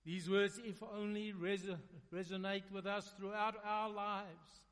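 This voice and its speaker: A man preaching a sermon, dramatic, swinging between loud emphasis and hushed, quiet lines. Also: high-pitched, level tone, measured pace, hardly any pauses. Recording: long reverb of a large hall.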